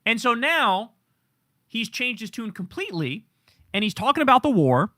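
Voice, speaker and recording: Profane, angry political commentary host. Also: male voice, very high voice, big pitch swings, moderate pace, pushed and bright, no room sound, clean studio sound. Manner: angry, profane, sarcastic ranting.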